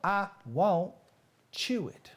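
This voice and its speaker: A woman's voice: on the low side, animated, very slow, heavily acted. A woman voicing a flustered man who complains about tongue twisters, in a put-on Southern US accent and a whiny, protesting tone. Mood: complaining.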